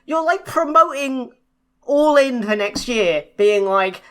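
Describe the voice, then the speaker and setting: A woman's voice: high voice, measured pace, fairly bright tone. A young woman co-hosting a casual podcast chat, ranting in exasperation and swearing often. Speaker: podcast co-host.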